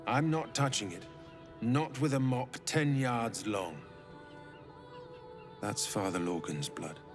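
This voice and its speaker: A tired, grumbling temple cook from a fantasy game, talking in a dry, matter-of-fact way at a mid pitch. Game music plays clearly underneath him. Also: male voice, animated, slow. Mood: weary. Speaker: temple kitchen worker in a fantasy video game. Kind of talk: game voice acting.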